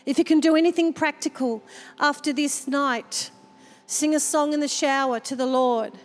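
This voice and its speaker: A woman's voice: high voice, steady tone, moderate pace. A woman pastor preaching a sermon at a church service, telling personal stories with feeling. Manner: emotional, personal storytelling. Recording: long hall reverb from the church.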